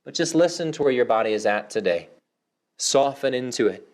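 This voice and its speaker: A man teaching a yoga class, giving slow, soothing cues with audible sighs and sometimes dropping to a soft whisper. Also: mid-range voice, lively intonation. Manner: drops to a soft whisper for affirmations. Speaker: yoga instructor. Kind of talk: guided yoga class instruction.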